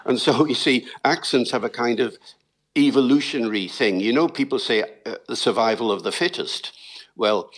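A man, a linguist guest, explaining accents in a lively storytelling manner with the odd chuckle. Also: mid-range voice, normal speed. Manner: lively storytelling, chuckles, talks to listeners as folks. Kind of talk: explanatory interview talk.

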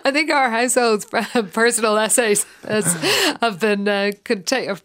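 A woman talking in a casual interview as the author's partner, soft and understated, trailing off quietly. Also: fairly high pitch, normal speed. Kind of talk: casual conversation.

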